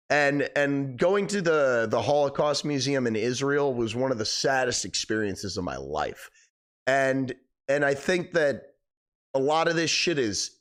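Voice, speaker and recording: A man's voice: medium pitch, fairly bright tone. A young man hosting a live stream, chatting casually and rambling, swearing a lot, his voice cracking. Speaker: livestream host.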